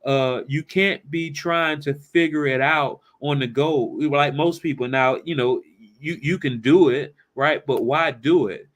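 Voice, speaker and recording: A man's voice: a little high, measured pace, fairly bright tone. A man presenting a workshop, telling a story and asking the audience rhetorical questions in a conversational way. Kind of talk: storytelling in a seminar talk.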